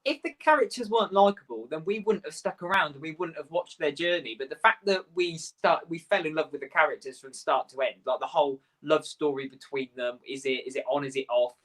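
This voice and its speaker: A man's voice: a little high, fairly quick, hardly any pauses, fairly bright tone, low-quality recording. A man guest in a casual chat, talking with enthusiasm and acting out little quoted asides as he makes his points. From Europe. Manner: enthusiastic, talks through ideas with quoted asides.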